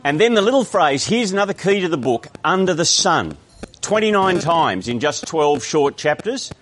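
A man's voice: a little high, sing-song, moderate pace, fairly bright tone. A man with an Australian accent preaching a sermon, explaining a text in a conversational way with frequent restarts.

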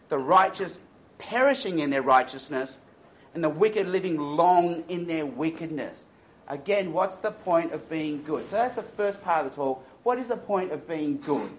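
Animated high-voiced male preacher. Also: slight background noise, low-quality recording. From Australia. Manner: animated storytelling with mocking impressions. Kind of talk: sermon.

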